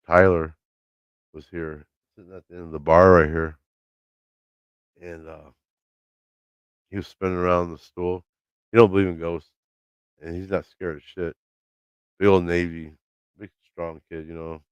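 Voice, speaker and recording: A man with a very low, smooth voice chats on a live stream from his home. He tells a story loosely, swears freely and acts out what people said. The sound is close and dry but a bit dull. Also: flat delivery, unhurried, long pauses, dry recording. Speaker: livestream host. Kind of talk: casual live-stream chat. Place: home, by his laundry room.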